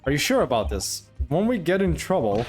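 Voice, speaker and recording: A man's voice: fairly high pitch, darkish tone. A man reading the lines of an earnest young woman assistant in a game, in a pleading, heartfelt way.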